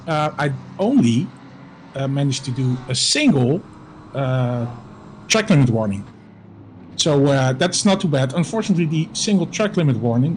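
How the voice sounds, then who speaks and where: A man's voice: medium pitch, slight background noise, poor audio. A man, a sim racing driver chatting casually and hesitantly, with many fillers. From Netherlands. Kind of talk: casual chat.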